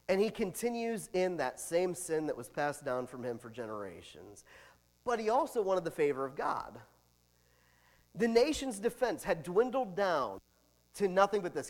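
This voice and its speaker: A man pastor preaching a sermon, animated, with big swings in loudness and chatty asides. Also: on the high side, big-room sound.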